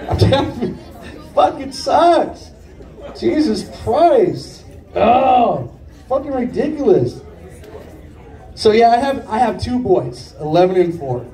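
A man's voice: extremely high pitch, mellow. A man in his thirties doing a stand-up comedy set, telling stories in a rambling, profane, conversational way. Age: 30s. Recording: echoey room picked up from far off.

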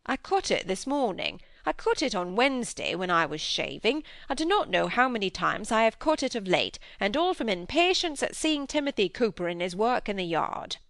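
A woman's voice: medium pitch, sing-song, moderate pace, hardly any pauses, fairly bright tone, dry recording, clean studio sound, pitched above the performer's own voice. A woman voicing a grave, pious middle-aged male minister and farmer who speaks in an earnest, solemn, preaching cadence.

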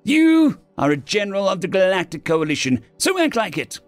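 A man's voice: sits high, very animated, moderate pace, no room sound, soft background music, voice pushed up. A man voicing a brash, foul-mouthed small woman general who talks bluntly and scolds. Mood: scolding.

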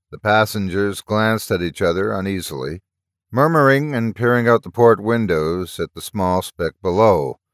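A man with a very low voice reads a story aloud in a measured, dramatic way. The sound is close and completely dry, with no room echo at all. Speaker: narrator. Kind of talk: scripted story narration.

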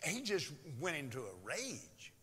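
A man preaching a sermon in a church, dramatic and swinging from loud shouts to hushed whispers. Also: on the high side, huge pitch swings, unhurried, slightly rough. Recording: long reverb of a large hall.

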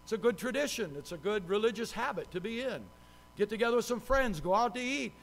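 A man's voice: high voice, expressive, fast. A man, a pastor, preaching a sermon with emphatic, repeated phrases.

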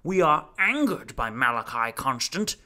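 A man's voice: very animated, unhurried, bright, forceful tone, heavily acted. A man voicing a grandiose, preaching figure who lectures a crowd in solemn, declamatory tones. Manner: solemn, declamatory, booming calls.

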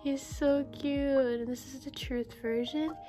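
High-voiced young woman, gushing vlogger opening mail, music underneath. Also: measured pace. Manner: excitable, gushing, breathy exclamations. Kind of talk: unboxing haul vlog. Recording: background music.

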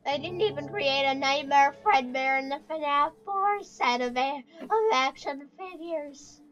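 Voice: high voice, measured pace, a bit bright, highs cut off. A performer voicing a sulking, forgotten male animatronic bear in a comedic skit, talking in a whiny, rambling, self-pitying way.

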